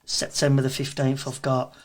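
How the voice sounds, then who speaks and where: A man with a Birmingham accent, a guest event promoter chatting casually and telling animated stories, acting out quotes. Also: medium pitch, moderate pace. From England. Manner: animated storyteller, acts out quotes. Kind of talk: casual chat.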